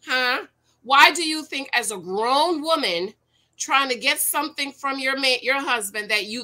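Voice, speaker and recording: A woman in her forties talks straight to her viewers, firing rhetorical questions and preaching her opinions. Her voice is bright and sits a little high. She sounds casual and animated throughout. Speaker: YouTube commentator. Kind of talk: casual reaction commentary.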